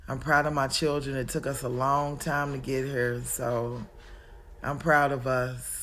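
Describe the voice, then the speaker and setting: A woman in her forties sits at home and talks through a reflective vlog. Her voice is low for a woman but bright and forceful, and she takes her time. She keeps things chatty, calling the listener honey and child. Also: flat delivery, measured pace, slight background noise. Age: 40s. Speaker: vlogger. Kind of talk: reflective casual monologue. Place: at home, indoors.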